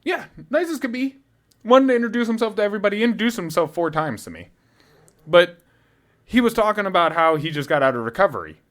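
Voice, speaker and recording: Animated young man telling a story. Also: sits high, fast. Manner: animated, swearing, laughs often, loud when imitating a drunk fan. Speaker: podcast co-host. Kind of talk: casual storytelling chat.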